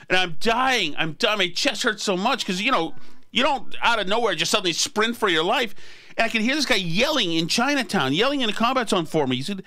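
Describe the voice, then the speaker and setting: A middle-aged man hosting a podcast tells a story in a high, lively voice that swoops up and down. His tone is bright, and he rambles and mocks himself. The sound is dry and close to the mic. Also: fairly quick, no room sound. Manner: rambling, self-deprecating, animated. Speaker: podcast host. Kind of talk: casual storytelling chat.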